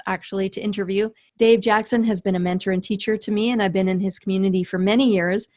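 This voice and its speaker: A woman's voice: mid-range voice, steady tone, quick pace, hardly any pauses, a little mellow, soft background music. A woman hosting an interview podcast, enthusiastic and admiring toward her guest, laughing often. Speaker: podcast host. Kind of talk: casual interview.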